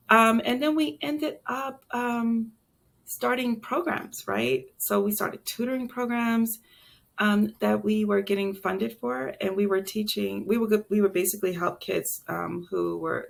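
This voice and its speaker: A woman's voice: medium pitch, steady tone, a little slow, gravelly. A woman in her late forties, a chef and entrepreneur, telling her life story candidly in a casual interview, with many fillers and restarts. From Brooklyn and South Carolina. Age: late 40s.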